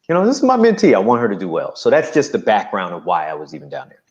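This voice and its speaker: A man recounting a personal story as an interview guest, animated and acting out quotes. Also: low voice, very fast, hardly any pauses, lo-fi sound.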